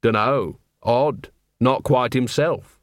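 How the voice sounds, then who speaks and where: Man reading as a mournful clown, nervous, slow, mumbling, low-key audiobook voice. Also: no echo, studio quality, natural voice.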